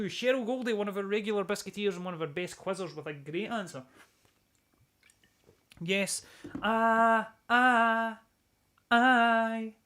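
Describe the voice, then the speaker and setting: A man from Scotland hosting a live-streamed music show, casually reading out viewer comments, joking and breaking into bits of song. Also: sits high. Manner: chatty, jokey, swears, sings snatches of songs.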